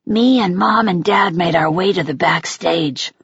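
A woman narrating a first-person audiobook in a gentle, unhurried way. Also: on the low side, creaky, husky, no echo, dull audio.

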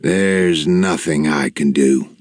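A man doing a raspy, very old family doctor. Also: rumbling low, darkish tone, no room sound, pitched below the performer's own voice, full character voice. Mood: sorrowful. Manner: slow, heavy, sorrowful delivery. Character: very old male country doctor, weary and gentle.

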